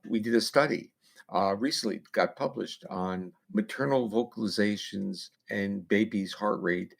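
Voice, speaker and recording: Low husky man, gravelly, explaining science. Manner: long, lecturing explanations with "you know" fillers. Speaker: neuroscientist guest. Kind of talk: explanatory interview talk.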